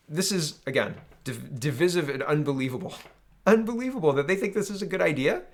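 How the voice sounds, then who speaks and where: A man's voice: on the high side, animated, a little fast, a bit bright. A man from Canada giving solo political opinion commentary, exasperated and ranting, often tagging his points with "right?".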